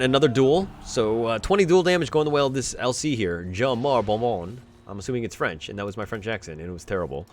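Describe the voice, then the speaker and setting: Male game analyst, animated pitch, chatty asides, faint hiss behind. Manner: chatty, joking asides, builds excitement on fights. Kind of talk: replay commentary.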